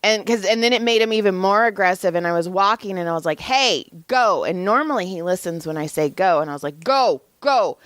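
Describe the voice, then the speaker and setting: A woman in casual podcast chat, telling a story with a lot of energy and acting out the people in it. Her voice sits on the low side. The sound is dry and close to the mic. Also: fast talker, few pauses, no echo. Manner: animated storytelling, acting out quoted voices, frequent swearing. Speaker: podcast co-host.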